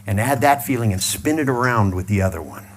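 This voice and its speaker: A man leading a live audience through a mental exercise, mixing blunt swearing with calm repeated cues. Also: fairly low pitch, fairly quick, slight background noise. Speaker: seminar trainer.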